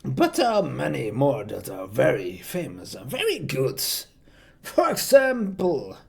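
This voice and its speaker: Slow, rambling male streamer. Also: medium pitch, wildly swooping pitch, gravelly, husky. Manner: rambling, meandering, many fillers and restarts. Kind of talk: casual live-stream chat.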